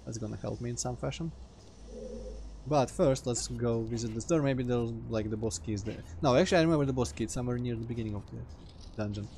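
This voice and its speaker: A man's voice: mid-range voice, fast, a little hiss or hum. Rambling man with a Russian accent. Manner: rambling, self-interrupting, reacts loudly to the game. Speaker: let's play host. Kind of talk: casual gameplay commentary.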